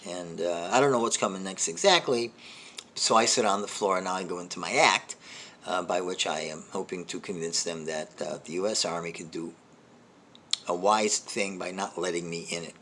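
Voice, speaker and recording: A man's voice: low voice, normal speed, fairly bright tone, a little hiss or hum. Rambling older male storyteller. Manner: rambling, self-deprecating, many restarts and trailing asides. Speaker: comedian, host. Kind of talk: storytelling monologue.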